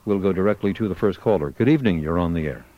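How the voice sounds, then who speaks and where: A man hosting a radio call-in show, talking in a measured way with some fillers. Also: deep voice, phone-quality sound, background noise.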